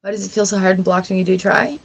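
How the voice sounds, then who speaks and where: A woman's voice: mid-range voice, little pitch movement, fast, husky, rough recording. Woman host, mid-range voice, frank and encouraging, chatty self-help talk. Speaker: tarot livestream host. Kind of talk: casual advice talk.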